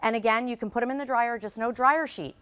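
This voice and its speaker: A woman's voice: a little high, fast talker, fairly bright tone, clear, resonant tone. A woman guest on a live shopping show, enthusiastically demonstrating her products. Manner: enthusiastic, gushing. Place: TV studio.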